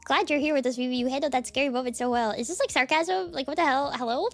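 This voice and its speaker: A woman's voice: high voice, creaky. A young woman streamer chatting casually with her viewers, rambling with lots of filler words. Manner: rambling, many "like" fillers, lively swings. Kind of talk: casual chat with chat readers.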